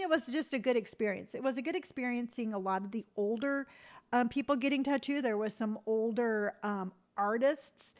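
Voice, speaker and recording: A middle-aged woman hosting a casual live stream, telling rambling stories with lots of fillers and answering viewer comments as she goes. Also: fairly high pitch. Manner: chatty, rambling storytelling with many fillers; reads viewer comments aloud and answers them.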